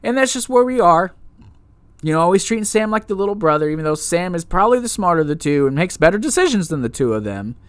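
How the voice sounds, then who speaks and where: A man reviewing a TV episode in a casual rant, exasperated and animated, often restarting his sentences. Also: high voice, fast talker, clean tone, no room sound.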